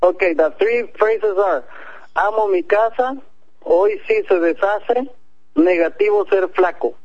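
High-voiced man, hesitant. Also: animated, measured pace, no room sound, muffled recording. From El Salvador. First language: Spanish. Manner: hesitant, searching for words. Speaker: guest. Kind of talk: casual remote chat.

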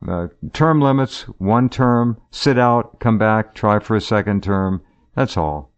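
A man's voice: on the low side, slow, smooth. A man co-hosting a casual chat, blunt and opinionated with short replies. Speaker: co-host. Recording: dull lo-fi audio.

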